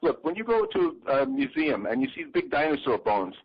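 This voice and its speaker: Male interview guest, animated storyteller, slightly high voice, dull dry audio. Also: moderate pace, husky. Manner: animated storyteller, acts out quotes. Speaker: exhibit designer. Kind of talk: casual interview.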